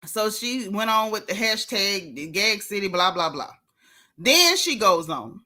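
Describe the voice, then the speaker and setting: A woman's voice: mid-range voice, big pitch swings, moderate pace, bright, forceful tone. A woman hosting a gossip vlog in casual commentary, sassy and scolding, firing off rhetorical questions.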